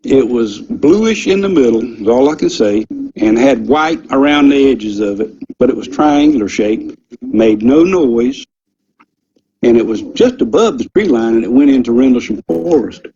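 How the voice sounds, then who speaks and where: A man's voice: mid-range voice, lively intonation, normal speed, warm tone. An older man, telling a story in a rambling, folksy way with lots of ums and some swearing. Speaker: interview guest, former military security policeman. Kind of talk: casual storytelling recollection. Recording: dull lo-fi audio.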